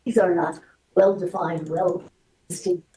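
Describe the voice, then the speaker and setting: A woman testifying as a witness in court, answering in halting, hesitant phrases. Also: lowish voice, fairly even intonation, dark tone, slight background noise. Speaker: expert witness. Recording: distant courtroom audio.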